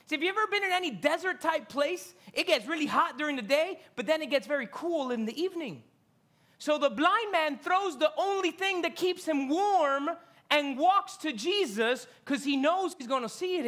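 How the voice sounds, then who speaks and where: A preacher delivering a sermon from a stage, telling the story in an animated way, full of rhetorical questions and casual slang. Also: high voice.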